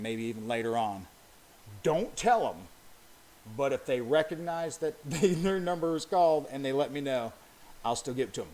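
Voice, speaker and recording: Chatty man calling bingo on a livestream. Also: a little high. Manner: chatty, upbeat, loud when calling names. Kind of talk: casual livestream chat.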